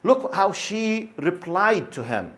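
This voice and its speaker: A man's voice: high voice, very animated, slow pace. Emphatic male lecturer. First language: Arabic. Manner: emphatic, repetitive, asks the audience questions. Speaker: Islamic lecturer. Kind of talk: religious lecture to an audience.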